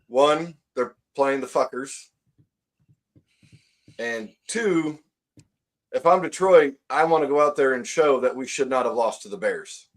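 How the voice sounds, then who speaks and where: A man's voice: mid-range voice, measured pace, long pauses. A man co-hosting a casual sports talk show, teasing and arguing with his friends. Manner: teasing, argumentative. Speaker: podcast co-host.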